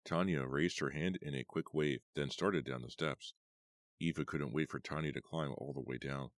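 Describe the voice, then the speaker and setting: A man narrating an audiobook in an expressive storytelling manner. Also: a bass voice, normal speed, no echo, studio quality.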